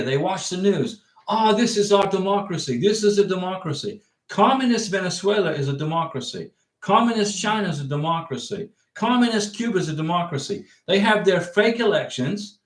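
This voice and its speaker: A man's voice: sits high, roomy sound. A man hosting a livestream, chatting casually and answering viewer comments, rambling and repeating his points emphatically. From United States. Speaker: livestream host giving visa advice.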